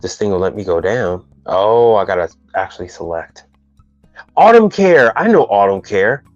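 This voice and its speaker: A man's voice: lowish voice, sing-song, normal speed, dry recording. A man hosting a casual live stream on business questions, rambling and teasing in loose slang. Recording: dull dry sound with faint music behind.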